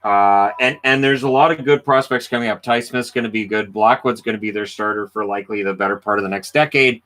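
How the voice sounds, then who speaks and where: A man's voice: lowish voice, fairly quick, a bit bright. A middle-aged man hosting a casual livestream, talking in an easygoing, rambling way with frequent ums while playing a hockey video game. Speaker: livestream host.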